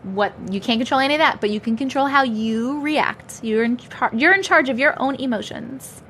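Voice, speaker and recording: A woman's voice: high voice, moderate pace, bright, forceful tone, a little hiss or hum. A woman in her thirties hosting a casual live stream, reading chat and laughing often as she talks. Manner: laughs often, chatty and upbeat. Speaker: livestream host.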